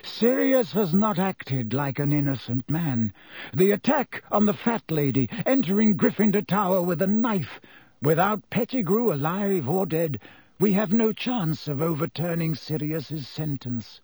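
Man playing wise old male wizard, slow, quiet, precise, mellow, dry close sound. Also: on the high side, very animated, breathy edge, dry recording, voice pushed up, heavily acted. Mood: grave. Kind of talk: audiobook character voice.

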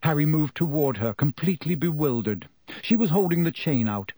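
A man's voice: fairly high pitch, animated, normal speed, warm tone, dry recording. A man reading a children's fantasy novel aloud as narrator, telling the story expressively. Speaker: audiobook narrator. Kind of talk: scripted narration.

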